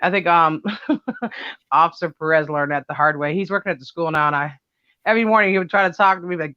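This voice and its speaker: A loud middle-aged woman holds forth in casual livestream chat, laughing and swearing without a filter. Her voice is bright and punchy. The sound is dry and close, with a somewhat dull, lo-fi mic. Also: deep voice, fast talker, clean tone, no room sound. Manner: loud, brash and laughing, cusses freely.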